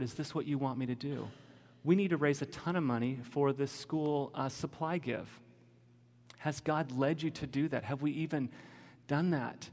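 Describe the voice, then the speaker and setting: A man's voice: a little high, big-room sound. A man preaching a sermon in a candid, emotional, conversational way. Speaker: pastor.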